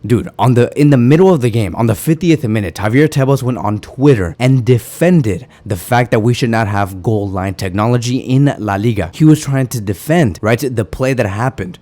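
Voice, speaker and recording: A man in a heated, exasperated rant, his voice a little rough and worn from yelling. He speaks at a middling pitch and keeps pressing his complaints with mounting frustration. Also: brisk, hardly any pauses. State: slightly rough voice from screaming. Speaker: football fan commentator. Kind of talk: ranting fan vlog commentary.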